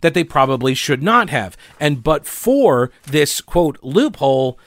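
A man's voice: on the high side, big pitch swings, measured pace, fairly bright tone, no echo. A male radio talk show host from North Carolina, chatty and sarcastic, full of fillers and restarts. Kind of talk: casual political commentary.

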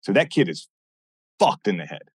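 A man guesting on a podcast, telling stories in a blunt, animated way and acting out what people said. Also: fairly low pitch, moderate pace, breathy edge, no room sound. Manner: animated, blunt, swears often, acts out quoted dialogue. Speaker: podcast guest, former military instructor. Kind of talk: casual interview storytelling.

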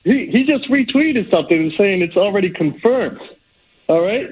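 A man calling in to a sports radio show, insistent and combative, with a raspy voice. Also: sits high, animated, moderate pace. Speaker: caller. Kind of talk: phone-in call. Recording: tinny phone line.

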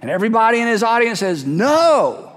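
A man with a high voice delivers a sermon as a pastor. His delivery is emphatic, and he drags out key words for weight. The sound carries a long echo from a large church hall. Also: lively intonation. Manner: emphatic, slows down to stress words.

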